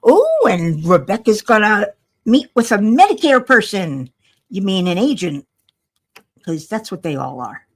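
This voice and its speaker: Tired, gravelly older woman chatting. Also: medium pitch, sing-song, a little slow. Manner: rambling, self-talking, wry and chatty. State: tired, yawning. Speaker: livestream host. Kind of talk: casual chat while crafting.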